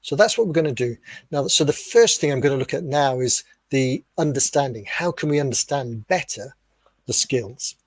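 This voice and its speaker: A man with a British accent explaining ideas to teachers in a webinar, asking rhetorical questions in a steady, clear teaching tone. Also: mid-range voice, moderate pace, no room sound. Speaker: webinar speaker on teacher development. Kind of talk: explanatory lecture.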